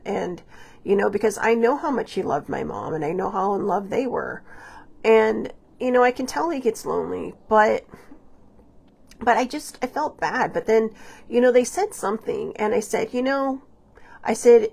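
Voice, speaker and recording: A woman with a mid-range, slightly breathy voice and vocal fry hosts her own podcast in a personal, reflective monologue. She rambles confidingly through her stories, full of fillers and restarts, acting out quoted dialogue.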